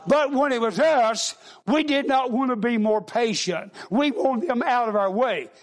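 Speaking a little slowly, a male preacher with a very high-pitched voice delivers a folksy sermon. He keeps checking in with his congregation, often looping back to repeat and restart his words.

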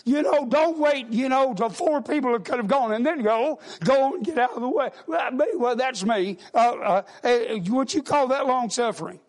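A male preacher delivers a sermon in a very high-pitched voice. He talks in a folksy way, checking in with his congregation and often circling back to repeat and restart his words. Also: moderate pace, hardly any pauses.

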